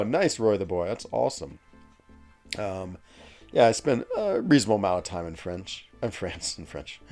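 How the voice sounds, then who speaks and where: A lowish, warm male voice belongs to a West Virginia game streamer. He tells loose, chatty stories, laughing and using plenty of fillers as he reads out chat.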